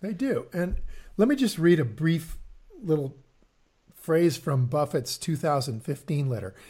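A man's voice: on the high side, animated, a little slow, darkish tone, breathy edge. A man co-hosting an investing podcast in casual chat, often repeating words and using fillers as he explains. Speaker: podcast co-host.

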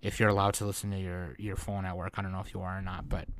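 Emotional man, low voice, rambling. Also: steady tone, brisk, no room sound. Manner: rambling, heartfelt, restarts often, swears casually. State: close to tears. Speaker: podcast host. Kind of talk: emotional solo update to listeners.

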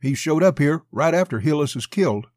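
A man's voice: medium pitch, lively intonation, moderate pace, a little mellow, no room sound, studio quality, natural voice. Man doing a biting, hateful young lawman. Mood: hostile. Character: hot-headed young male customs officer.

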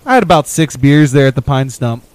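A man's voice: medium pitch, animated, brisk, dry recording, natural voice. A man voicing a drunk, chatty male mechanic with a thick Canadian-ish northern accent, talking in loose, slangy bursts. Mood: boozy enthusiasm. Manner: loose, enthusiastic, slangy bragging.

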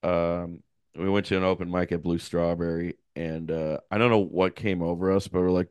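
A man's voice: low voice, fairly even intonation, moderate pace, darkish tone, dry recording, clean studio sound. A young man co-hosting a podcast, telling rambling stories in casual chat, acting out quotes and laughing a lot. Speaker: podcast co-host.

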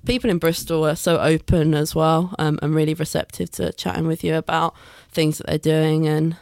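Halting young woman, flat steady voice. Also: low voice, vocal fry, no room sound, studio quality. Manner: halting, appreciative. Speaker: new newsroom member, guest. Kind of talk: casual interview chat.

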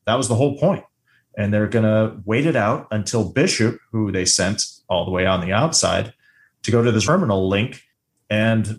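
A man co-hosting a casual movie chat, animated and swearing freely, acting out lines from scenes. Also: lowish voice. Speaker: podcast co-host.

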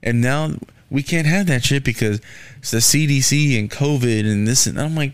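A man's voice: mid-range voice, moderate pace, smooth, dry recording. A young man hosting a casual solo podcast, ranting with lots of swearing and filler words. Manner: profane, ranting, frequent "man" and "um". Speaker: podcast host. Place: Houston.

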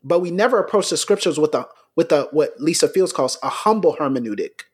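A middle-aged American man, a pastor, telling stories in a relaxed podcast conversation, laughing between points. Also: fairly high pitch, brisk, breathy edge.

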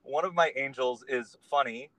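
A man's voice: medium pitch, normal speed, a bit bright, no room sound, poor audio. A man, a guest on a podcast, talking in a casual conversation and telling his story in an earnest, meandering way.

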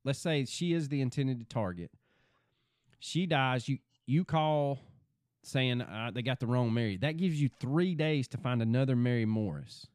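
A man's voice: mid-range voice, expressive, measured pace, darkish tone, no echo. Easygoing man, dry close sound. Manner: easygoing, theorizing aloud. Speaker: podcast co-host. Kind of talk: casual chat.

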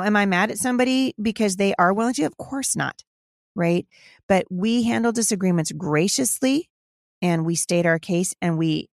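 A woman's voice: medium pitch, no room sound. A woman in her forties hosting a podcast from her home studio, answering listener questions in an emphatic, opinionated monologue that keeps addressing listeners as "you guys". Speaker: podcast host.

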